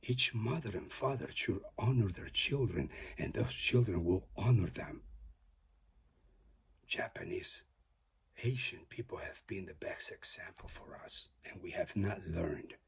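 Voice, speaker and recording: Brief: male motivational preacher, low and breathy, lively pitch, drops into whispers between loud exhortations. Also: unhurried. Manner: emphatic, swings from loud declarations to whispers; repetitive, exhorting. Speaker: motivational speaker.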